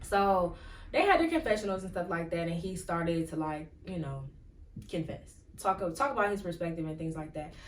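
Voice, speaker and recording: A woman hosting a solo podcast speaks in a fairly low, animated voice at a moderate pace. Her casual commentary rambles, heavy with "like" and "um," and it's recorded far from the mic in an echoey room with a little hiss or hum.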